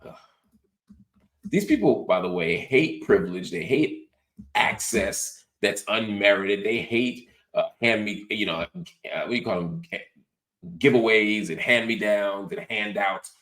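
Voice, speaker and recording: Low-voiced guy doing sarcastic political commentary, animated and mocking. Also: unhurried. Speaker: host.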